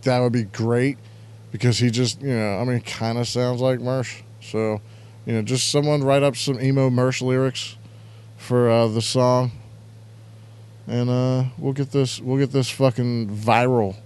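A man's voice: mid-range voice, fairly even intonation, a little slow, darkish tone, clean tone. A man hosting an internet radio show, chatting casually and crudely, rambling and reading out chat messages. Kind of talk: casual live-stream chat.

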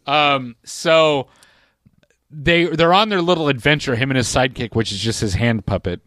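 A man co-hosting a casual chat, animated and laughing often as he retells things. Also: mid-range voice, normal speed, no echo. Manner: animated, laughs often, slips into silly voices. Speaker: podcast co-host.

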